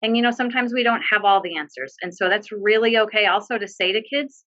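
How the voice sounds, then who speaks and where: A woman's voice: mid-range voice, fast, fairly bright tone, highs cut off. A woman working as a bereavement social worker, giving earnest, direct advice with frequent fillers on a video call. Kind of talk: webinar discussion, giving advice.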